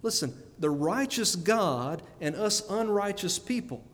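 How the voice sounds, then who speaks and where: A man's voice: on the high side, animated, unhurried, few pauses. Earnest man preaching in a reverberant hall. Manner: earnest, repeats words, asks the listeners questions. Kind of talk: sermon.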